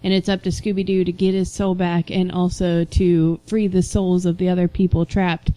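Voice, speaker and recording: A woman's voice: fairly low pitch, normal speed, no room sound, poor audio. A woman co-hosting a casual podcast chat, telling stories with lots of laughter. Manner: animated, laughing storyteller. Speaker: podcast co-host.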